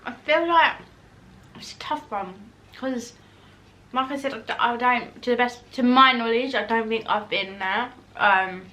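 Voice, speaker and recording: A chatty woman in her twenties answers viewer questions in a relaxed vlog. Her voice is bright and forward, and she rambles with fillers, restarts and self-corrections. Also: a little high, a little slow. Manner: eating while talking at times. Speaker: YouTuber. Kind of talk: casual Q&A chat to camera.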